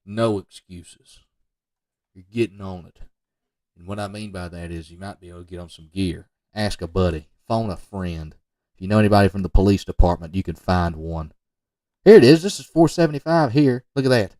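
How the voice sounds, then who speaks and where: A man commenting off the cuff on football highlight film, rambling into joking asides and talking straight to the players. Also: a little fast, a little mellow, no echo, clean studio sound, far from the mic. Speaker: football recruiting video reviewer.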